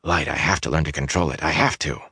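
A man voicing a wounded young hero, speaking quietly and wearily in an audiobook. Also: rumbling low, fast, husky, dry recording, clean studio sound, exaggerated voice. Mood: anguished. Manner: quiet, tired, subdued.

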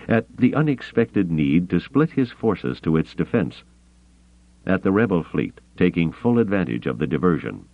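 Very deep male audiobook narrator, expressive and lively, dry tinny phone-like sound. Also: no echo. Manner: dramatic, expressive reading with measured pauses. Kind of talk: scripted novel narration.

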